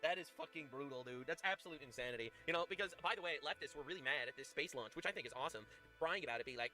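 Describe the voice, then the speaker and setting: A man commenting on news clips while streaming a game, talking in a fast, sarcastic, swearing way. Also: high-pitched, sing-song, pushed and bright, faint music behind. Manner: rapid, swearing, sarcastic and indignant. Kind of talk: casual political commentary over gameplay.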